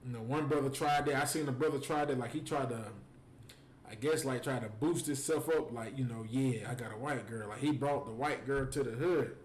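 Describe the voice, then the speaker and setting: A man hosting a stream, telling stories in a casual, animated and joking way. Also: mid-range voice, brisk. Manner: animated, joking, full of fillers. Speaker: host. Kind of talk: casual storytelling and preaching on a stream. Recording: echoey room with faint noise.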